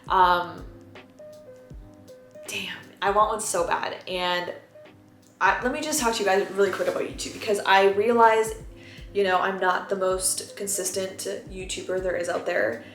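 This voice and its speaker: A woman's voice: medium pitch, fairly even intonation, measured pace, a bit bright. A young woman vlogger talking to camera in a candid, rambling, confessional way. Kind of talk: casual chat to camera. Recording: roomy echo, faint music behind.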